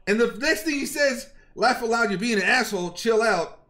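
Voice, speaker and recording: High, animated, profane male streamer. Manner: profane and confrontational; fast, worked-up storytelling. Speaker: game streamer. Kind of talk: heated live-stream rant.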